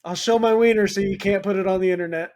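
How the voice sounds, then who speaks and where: A man's voice: sits high, fairly even intonation, fast talker, vocal fry, darkish tone, a little hiss or hum. A man co-hosting a podcast, teasing the others and joking in casual chat. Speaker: podcast co-host.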